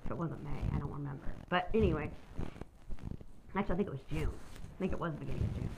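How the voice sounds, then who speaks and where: A woman's voice: deep voice, fast, vocal fry, background noise. A woman hosting her own podcast, telling a personal story in a candid, rambling way and swearing freely. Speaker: podcast host.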